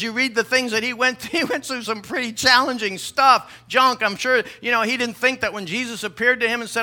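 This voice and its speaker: A male pastor preaching a sermon, animated and emphatic, asking the congregation rhetorical questions. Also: very high voice, brisk, few pauses.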